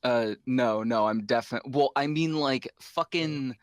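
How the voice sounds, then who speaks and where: A man's voice: medium pitch, unhurried, clean tone, dry recording, clean studio sound. A man chatting casually as a player in a tabletop game, giggly and hesitant.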